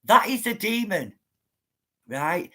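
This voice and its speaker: A woman's voice: medium pitch, very animated, slow, pushed and bright. Woman, middle-aged, insistent vlogger talking straight to her viewers. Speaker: spiritual livestreamer. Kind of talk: emotional storytelling to viewers.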